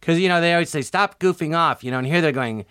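Man, 60s, lively raconteur who acts out quotes; dry, close mic. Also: fairly high pitch, rapid-fire, smooth, no echo. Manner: animated storyteller, acts out quoted voices. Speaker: guest comedian. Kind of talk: casual storytelling interview.

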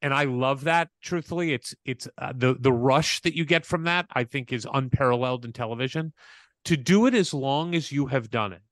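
A man's voice: fairly high pitch, dry recording. Effusive man host, dry sound. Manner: enthusiastic, effusive praise. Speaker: podcast host. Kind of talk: casual interview chat.

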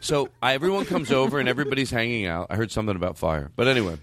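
A man's voice: medium pitch, very fast. A man telling a comedic story casually, swearing often and acting out what people said. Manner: animated, profane, acts out quotes.

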